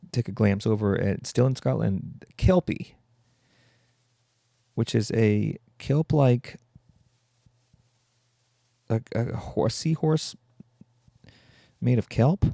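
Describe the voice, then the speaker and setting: Man, podcast host, irreverent joking, gravelly, dark tone, dry close sound. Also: medium pitch, no room sound. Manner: irreverent, joking, quick asides. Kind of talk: comedic solo podcast.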